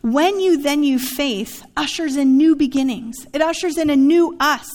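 High-voiced woman preaching in a hall. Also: normal speed, a little mellow. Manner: conversational preaching, frequent "right?" asides. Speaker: pastor. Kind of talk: sermon.

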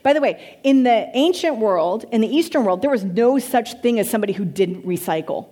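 A woman pastor teaching a church congregation in an animated way, asking the room questions. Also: fairly high pitch, brisk.

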